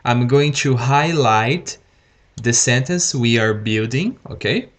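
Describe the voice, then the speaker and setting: Slow, careful male teacher. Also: medium pitch, lively intonation, a bit bright. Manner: deliberately slow, repeats words and says okay often. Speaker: English teacher. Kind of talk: live-streamed grammar lesson.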